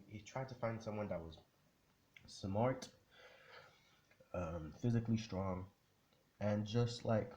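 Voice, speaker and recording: Deep guy telling a story, lots of likes and ums, kinda muffled with faint hiss. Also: warm tone. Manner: rambling, slangy, filler-heavy. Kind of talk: casual fan-story narration.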